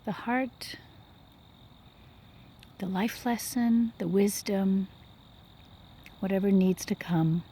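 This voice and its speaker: A woman talks slowly and reflectively into her phone while walking outdoors by a lake, often letting her voice fall to a whisper. Her tone is mellow and unhurried. Faint outdoor ambience sits behind her. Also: medium pitch, slight background noise. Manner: reflective, soft-spoken, drops to whispers. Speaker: vlogger. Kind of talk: rambling outdoor vlog. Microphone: phone held while walking.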